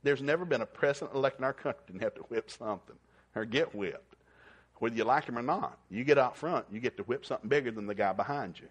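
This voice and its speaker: A man's voice: fast talker, breathy edge. A man preaching a sermon in a folksy storytelling manner, acting out the people in his stories. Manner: folksy, animated, acts out characters in a shouting high voice.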